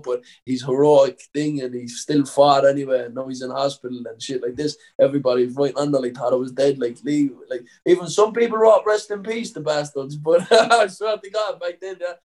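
Chatty Irish man telling rough stories. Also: medium pitch, a little mellow, low-quality recording. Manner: rambling, swears freely, many fillers. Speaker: professional fighter guest. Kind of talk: casual storytelling interview.

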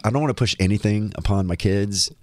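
A man in his forties co-hosting a podcast, relaxed and chatty, laughing easily. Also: fairly low pitch, fast, no echo. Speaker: podcast host. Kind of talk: casual chat.

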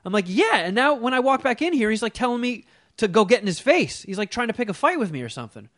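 High-pitched guy telling a crazy story on a talk show, swears a lot, acts out the other people, dry close mic. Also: fast, no room sound. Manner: animated, profane, mimics people in his story. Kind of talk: casual storytelling chat.

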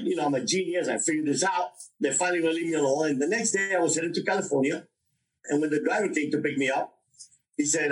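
An older man, in his sixties, guests on a podcast and recounts his past in a lively storytelling manner, slipping into the voices of the people he quotes. His voice sits somewhat high for a man. He is picked up from a little distance off the microphone. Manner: animated, acts out dialogue from his story. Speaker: interview guest.

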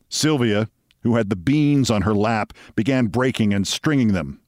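A man reading a comic mystery story aloud in a steady, dry storytelling voice. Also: fairly low pitch, normal speed, no room sound. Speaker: narrator.

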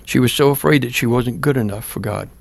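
A man's voice: medium pitch, fast talker, gravelly, no room sound. An older man, a pastor, earnestly telling a personal story in plain words during an interview. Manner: plain-spoken, earnest, acts out remembered dialogue.

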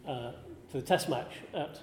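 A man's voice: mid-range voice, moderate pace, a little mellow, a little hiss or hum. A man from northern England giving a talk to an audience, telling an anecdote in a wry, self-deprecating way. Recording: echoey hall.

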